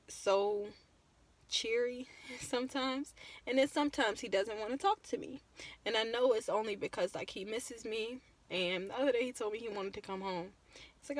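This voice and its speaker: A young woman telling a personal story in a casual vlog, close to tears and talking emotionally. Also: medium pitch. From Virginia. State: close to crying. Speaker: vlogger.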